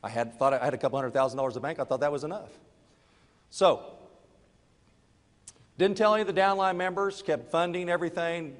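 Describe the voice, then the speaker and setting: A middle-aged network marketing speaker with a mid-range voice gives a motivational talk to a live audience in a big-room space. He tells a personal story, shifting between quiet confession and loud urging.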